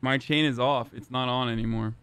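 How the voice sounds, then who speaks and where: A man streaming a game live, profane and excitable, talking to his chat and to other players. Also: mid-range voice, a little fast, smooth.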